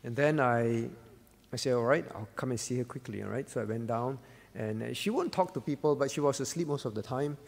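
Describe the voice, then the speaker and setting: A man's voice: medium pitch, a little fast, vocal fry, long reverb tail. A man pastor preaching an earnest sermon, repeating words for emphasis.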